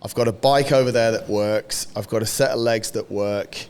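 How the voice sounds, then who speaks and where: A man's voice: lowish voice, steady tone, normal speed, a little mellow, clear, resonant tone. A man in a podcast interview, telling a story in a casual way. He laughs often, swears and acts out what others said. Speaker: podcast guest.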